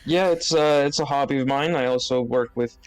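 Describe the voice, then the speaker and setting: A man playing a tabletop game, giving quick friendly in-character replies. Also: medium pitch, dry recording, soft background music, low-quality recording. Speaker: player. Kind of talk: tabletop role-play.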